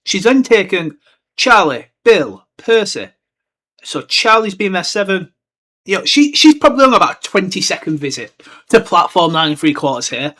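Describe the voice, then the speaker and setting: Young guy rambling on his podcast, kinda high voice, does little voices for the characters. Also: big pitch swings, sharp tone. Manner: rambling, chatty, breaks into quick put-on voices for characters. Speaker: podcast host. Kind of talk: casual book discussion podcast.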